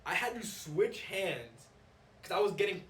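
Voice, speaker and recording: A young man co-hosting a casual podcast, telling a story with excitement and calling his friend bro. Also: high-pitched, unhurried. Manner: excitable, animated storytelling, says bro often. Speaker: podcast co-host. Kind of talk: casual chat. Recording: roomy, distant, faint noise.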